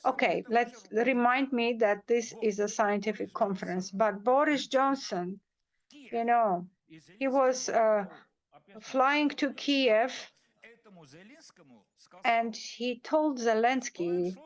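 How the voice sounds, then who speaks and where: Slow, emotional woman on a panel. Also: fairly high pitch, muffled recording. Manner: emotional and firm, with many hesitations and repeated words. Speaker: symposium panelist. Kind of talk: impassioned panel remarks.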